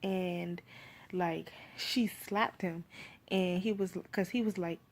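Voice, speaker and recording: A woman with a Miami accent gives a casual spoken movie review. She rambles loosely, fills her talk with "like" and "you feel me", and gets animated when she retells scenes. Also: on the low side, slow.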